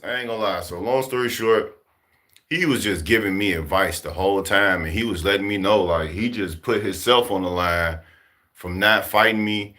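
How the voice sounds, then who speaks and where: A man from Chicago casually telling a story to his viewers, profane and animated, laughing as he goes. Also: lowish voice, fairly quick. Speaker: vlogger talking to his viewers.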